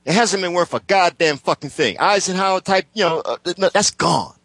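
Fired-up, foul-mouthed male co-host, fairly high voice, heated political rant. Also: normal speed, fairly bright tone, dry recording. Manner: profane, heated ranting. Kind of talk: casual political chat.

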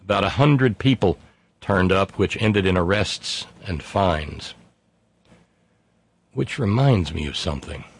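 A man's voice: deep voice, animated, unhurried, long pauses, breathy edge. A middle-aged man from West Virginia, hosting a casual talk show in a sardonic, profane monologue while reading listener emails aloud. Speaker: podcast host.

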